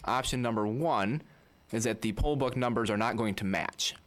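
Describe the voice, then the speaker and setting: A man's voice: medium pitch, moderate pace. A legislator questioning a witness, hesitant and often repeating his words.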